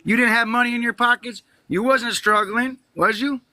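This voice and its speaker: High, bright-voiced ranting male caller. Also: normal speed. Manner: ranting, talks over the host. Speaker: caller on a live stream. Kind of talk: heated political argument.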